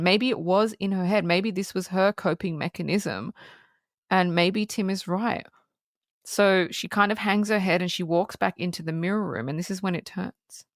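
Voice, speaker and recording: A woman chatting on a podcast, walking through a movie's plot in a loose, animated way. She peppers it with "like" and casual swearing, in a mid-range voice recorded dry and close. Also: medium pitch, no room sound. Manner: animated, swears, heavy use of "like". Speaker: podcast co-host.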